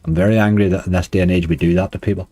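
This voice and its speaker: A hoarse man with a Northern Irish accent, chatting casually to viewers on a live stream. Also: deep voice, fairly even intonation, rapid-fire, dark tone, no echo. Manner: chatty, uses "wee" and "like" often. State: hoarse, dry throat. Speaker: slots streamer.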